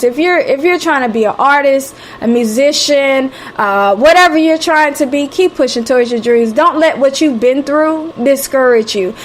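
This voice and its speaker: A woman with a Southern American accent, hosting a live motivational talk with a preacher-like, encouraging style, repeating phrases and calling listeners honey and sweetie. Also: high voice. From Southern United States. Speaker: radio host. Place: home, live stream.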